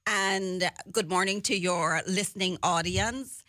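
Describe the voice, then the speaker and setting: A woman official speaks formally on talk radio, measured and with a few ums. Her voice is bright and sits dry and close. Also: fairly low pitch, steady tone, no room sound. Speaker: government chief officer, guest.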